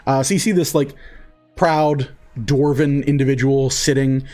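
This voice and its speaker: Male game master, mid-pitched, loose rambling scene narration, soft music behind. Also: steady tone, measured pace. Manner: loose, filler-heavy description.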